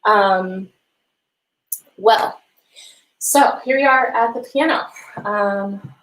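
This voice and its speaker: A woman vocal coach leading a live-streamed warm-up lesson, encouraging and gently guiding listeners through sung exercises. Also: medium pitch, drawn-out words, low-quality recording. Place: home room with a piano.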